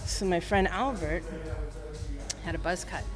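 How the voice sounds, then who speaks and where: A woman in her forties, working as a barber, tells personal stories in a relaxed interview and acts out the voices of the people in them. Her voice sits a little low. Faint music plays softly behind her in the barbershop. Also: unhurried, a crowd in the background. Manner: animated storyteller acting out quoted voices. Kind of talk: casual storytelling interview.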